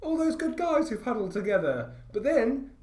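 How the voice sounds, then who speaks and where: High lively man, echoey room. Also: normal speed. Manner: playful banter, slangy. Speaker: podcast co-host. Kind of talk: casual chat.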